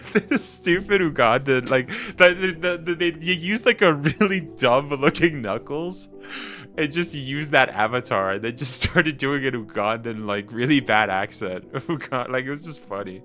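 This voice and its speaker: A man's voice: mid-range voice, moderate pace, pushed and bright, faint music behind. A young man chatting casually with viewers on a game stream, laughing often and tossing in slangy asides. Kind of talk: casual live-stream chat.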